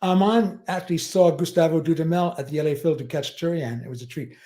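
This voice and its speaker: A man hosting a relaxed livestream, with a mellow, somewhat high-pitched voice. He rambles from one anecdote to the next and often chuckles along the way. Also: fast. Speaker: livestream host. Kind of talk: casual chat.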